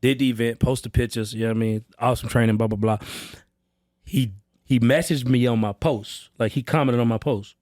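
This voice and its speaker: A man who trains salespeople, talking as a podcast guest in an energetic, slang-heavy, street-casual way on a close mic. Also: mid-range voice, brisk, no echo. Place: on-site session at a roofing company.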